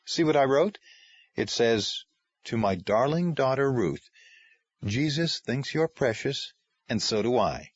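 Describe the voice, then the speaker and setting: A man doing a calm steady father. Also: mid-range voice, breathy edge, no echo, full character voice. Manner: calm and measured. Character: calm, steady father speaking to his children. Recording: dry, slightly muffled lo-fi.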